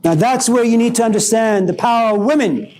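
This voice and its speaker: A man's voice: very high voice, fairly quick, a little mellow, low-quality recording. A man giving a philosophy lecture, posing provocative rhetorical questions.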